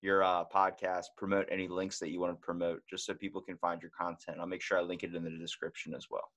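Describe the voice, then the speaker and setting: A man's voice: low-pitched, flat delivery, quick pace, a bit bright. A man hosting a podcast in casual chat, joking and irreverent, swearing freely. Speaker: podcast host.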